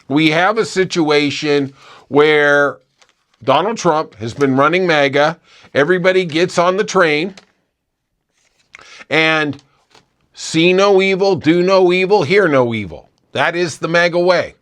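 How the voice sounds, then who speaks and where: A man's voice: on the high side, a bit bright. A man hosting a political podcast, delivering opinionated commentary with sarcastic, mocking asides.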